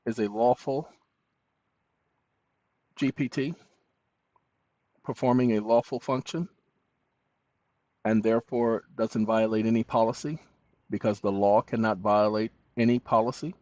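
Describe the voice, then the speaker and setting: A man's voice: on the low side, steady tone, a little slow, long pauses, darkish tone, no echo. Man dictating prompts, punctuation and all. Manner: dictates punctuation aloud between loose asides. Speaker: channel host. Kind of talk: screen-recorded tutorial, dictating prompts aloud. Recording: dull lo-fi recording.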